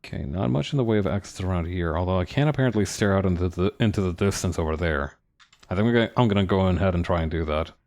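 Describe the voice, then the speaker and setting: A man's voice: sits low, fast talker, a little mellow. A man thinking aloud and reading game text during a let's play, musing with many restarts. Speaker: game streamer.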